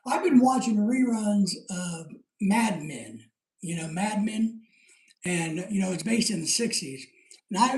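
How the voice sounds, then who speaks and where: A man's voice: high voice, darkish tone. A middle-aged man hosting a live stream in casual chat, reading out viewer comments, rambling and joking, laughing often. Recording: roomy echo.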